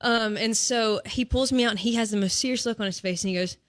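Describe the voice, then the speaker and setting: A woman's voice: fairly high pitch, fast talker, hardly any pauses, no echo, clean studio sound. A young woman, a soccer analyst telling stories on a radio talk show, with many "like" fillers. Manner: chatty storyteller, frequent "like" fillers. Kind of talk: casual radio chat.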